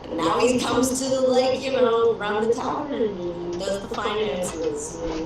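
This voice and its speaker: A woman's voice: mid-range voice, unhurried, over music. Woman, game player, chatty, far from mic, very echoey, background noise. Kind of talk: casual game chat.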